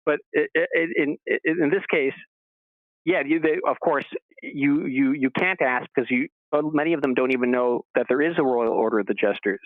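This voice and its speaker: A man's voice: medium pitch, moderate pace, dry recording. A man being interviewed as a guest, telling stories casually and acting out the dialogue in a raised voice. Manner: animated storyteller who acts out quoted dialogue in a raised voice. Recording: tinny phone line.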